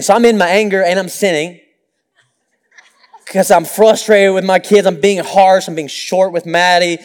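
A young male pastor delivers a sermon with a noticeably high voice. He tells personal stories, acts out quotes and tosses in joking asides. The sound rings with the long reverb of a large church hall. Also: fairly even intonation, moderate pace.

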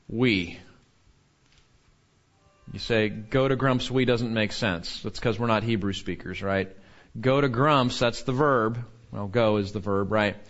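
A man's voice: medium pitch, a bit bright, muffled recording. A man teaching a Bible lesson to a class in a conversational way, often asking "right?" and repeating key points for emphasis.

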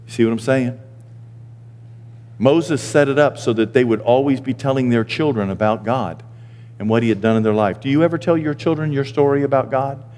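A man in his sixties, a pastor, preaching a sermon and telling stories, now and then jumping into high squeaky voices for the people he quotes. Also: normal speed, a little mellow, long reverb tail. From Maine. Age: 60s. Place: church sanctuary.

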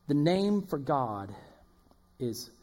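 A man preaching a sermon as pastor, swinging between loud emphatic lines and hushed ones. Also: a little high, big pitch swings, extremely slow. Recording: long hall reverb.

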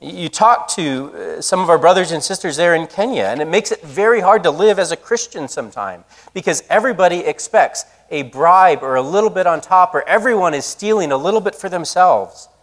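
A man preaching a sermon, telling a story in a lively, conversational way. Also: high voice, a little fast, few pauses, long reverb tail. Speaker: pastor.

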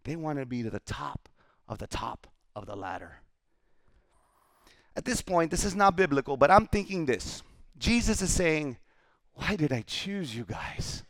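A male pastor preaching a sermon, retelling scripture with animated storytelling. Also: a little high, normal speed, long pauses, dry recording.

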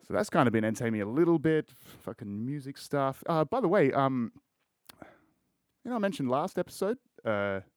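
A man's voice: medium pitch, sing-song, a little fast, no echo, clean studio sound. An Australian man hosting a solo podcast, rambling in casual chat with lots of swearing and crude jokes. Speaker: podcast host.

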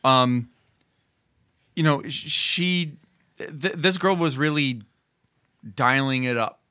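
A podcast co-host with a mid-pitched, bright voice talks through a TV episode. The delivery rambles, with many restarts and fillers. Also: slow, smooth. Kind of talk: casual chat reviewing a TV episode.

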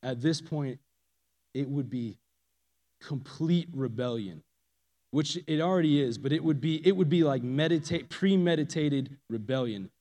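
A man giving a casual, animated personal testimony to a church audience, swinging from loud emphasis to hushed asides. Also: a little high, unhurried. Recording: long reverb of a large hall.

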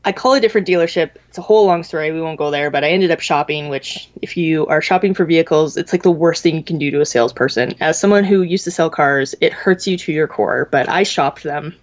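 A woman's voice: sits low, quick pace, few pauses. A woman in her thirties telling a long story in a casual podcast chat, rambling with lots of fillers. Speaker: podcast co-host. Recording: dull lo-fi sound.

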